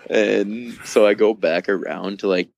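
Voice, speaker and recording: A man's voice: lowish voice, steady tone, unhurried, vocal fry, a crowd in the background. A man chatting as a podcast guest, telling a long story in a loose, casual way, full of fillers and swearing, with laughs at the funny parts.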